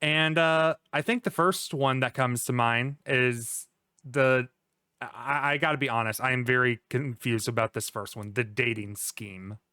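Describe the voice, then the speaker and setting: A man's voice: medium pitch, fairly even intonation, unhurried, pushed and bright, clear, resonant tone, no echo, clean studio sound. A man hosting a casual podcast, laid-back as he steers the conversation to the guest. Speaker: podcast host. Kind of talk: casual chat.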